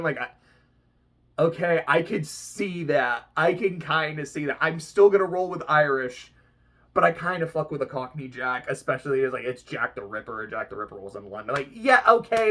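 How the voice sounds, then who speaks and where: Excitable book vlogger, loud laughs, swings high and low, casual and sweary. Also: brisk. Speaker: reaction vlogger. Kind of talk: casual book-reading reaction.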